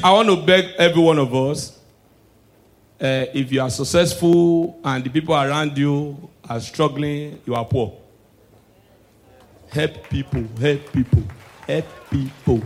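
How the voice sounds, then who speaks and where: Male stand-up comic, Nigerian Pidgin accent, high-pitched for a man; hushed sermon-style asides, shouted punchlines. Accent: Nigerian Pidgin English. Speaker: stand-up comedian. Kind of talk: stand-up comedy set.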